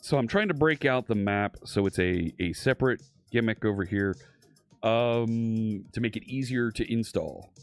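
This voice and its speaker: Deep-voiced male streamer, slow rambling coding chat, soft music underneath. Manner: rambling, thinks aloud with many fillers and restarts. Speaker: live-coding streamer host.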